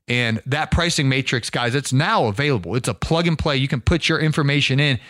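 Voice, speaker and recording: Man, middle-aged, podcast host, energetic, folksy, repeats himself, dry close sound. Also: medium pitch, brisk, no echo. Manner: energetic, folksy, repeats words while restarting. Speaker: podcast host and business coach. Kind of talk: casual podcast monologue.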